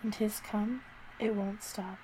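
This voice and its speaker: Woman narrator for an intimate erotic story: warm, low-key delivery that stays flat and unhurried. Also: a little hiss or hum, low-quality recording.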